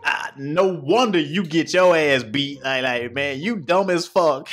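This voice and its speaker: A man hosting a reaction video, trash-talking in a profane, mocking, excitable way, his voice going hoarse. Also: fairly high pitch, a little slow, soft background music. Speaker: YouTube reaction host. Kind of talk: casual reaction commentary.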